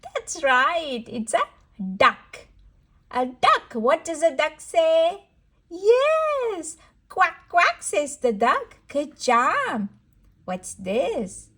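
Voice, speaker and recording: A young woman reads a farm-animal picture book to a toddler, her high voice leaping up and down in a sing-song way. She speaks very slowly and warmly encourages the child after each page. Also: big pitch swings.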